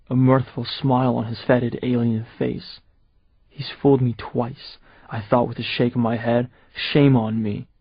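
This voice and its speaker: A man narrating a first-person audiobook in a steady, measured storytelling voice. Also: medium pitch, vocal fry, husky, no room sound, highs cut off.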